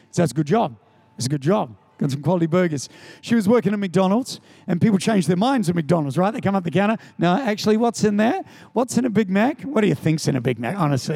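A man preaching a sermon in a high voice with a gravelly edge. He talks in an animated, storytelling way and hammers points home by repeating them. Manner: animated, storytelling, emphatic repetition. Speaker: pastor.

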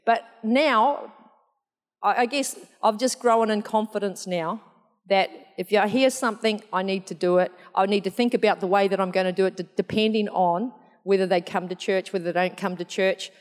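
A woman telling a story in a sermon, chatty and animated, laughing often. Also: mid-range voice, normal speed. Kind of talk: sermon testimony. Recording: long hall reverb.

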